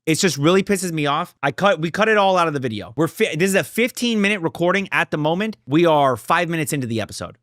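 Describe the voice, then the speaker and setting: A man's voice: animated, fast, few pauses, no room sound, studio quality. Young man swearing through a heated reaction. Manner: profane, heated and emphatic, swings between loud outbursts and low muttering. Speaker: reaction video creator. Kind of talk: casual reaction commentary.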